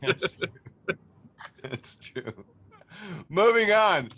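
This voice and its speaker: A man co-hosting a podcast, describing meme images in a relaxed way with frequent pauses. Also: high-pitched. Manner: relaxed, many uh fillers while describing images. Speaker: podcast co-host. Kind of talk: casual chat reading memes.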